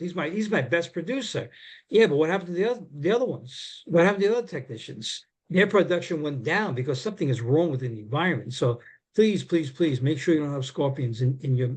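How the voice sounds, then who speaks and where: Earnest man presenting a coaching webinar. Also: a little high. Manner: earnest, repeats words, tells stories. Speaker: webinar presenter for shop owners.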